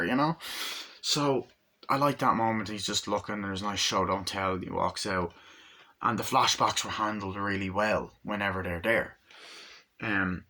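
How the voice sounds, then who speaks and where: Bright-voiced young man rambling through a movie review. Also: on the low side. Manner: rambling, fillers and casual swearing.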